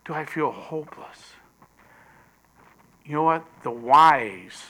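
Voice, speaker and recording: Slow, bright-voiced male preacher. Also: on the high side. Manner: swings between loud emphasis and hushed whispers. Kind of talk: sermon.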